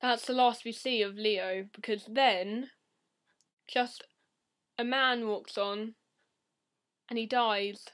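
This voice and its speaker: A teenage woman vlogging casually to camera in a deadpan, rambling, silly way. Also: fairly high pitch, slow pace, long pauses.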